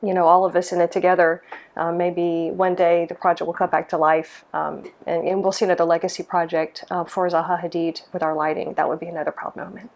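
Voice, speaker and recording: A woman's voice: lowish voice, little pitch movement, brisk, vocal fry, darkish tone. A middle-aged woman from Mississippi, a lighting designer, answering interview questions in a thoughtful way, with many ums and restarts. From Mississippi, USA.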